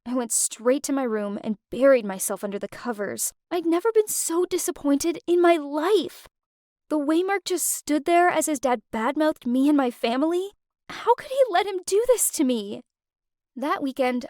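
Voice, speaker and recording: A woman narrating an animated first-person story in an emotive, expressive way. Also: high-pitched, no room sound, clean studio sound. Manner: emotive, with wide swings of expression.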